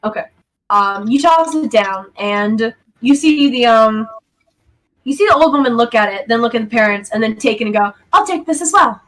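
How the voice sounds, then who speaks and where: Game master, woman, hesitant and giggly narration, higher pitch. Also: moderate pace, poor audio. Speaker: dungeon master.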